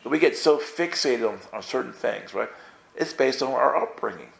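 A male pastor preaching a sermon, telling a personal story in a lively way, acting out the dialogue and often restarting his sentences. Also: mid-range voice, moderate pace, vocal fry, roomy sound.

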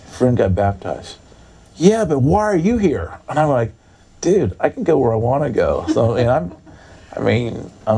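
A man preaching through a personal story, acting out both sides of the dialogue and filling gaps with "da, da, da". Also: creaky. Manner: animated storyteller, acts out dialogue with big pitch jumps, fills with "da, da, da". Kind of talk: storytelling sermon.

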